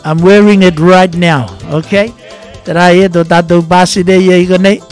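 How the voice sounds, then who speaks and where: A man's voice: high voice, steady tone, normal speed, darkish tone, faint music behind. A man hosting a casual radio show, running a listener quiz in a playful, teasing way and switching between languages. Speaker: radio host.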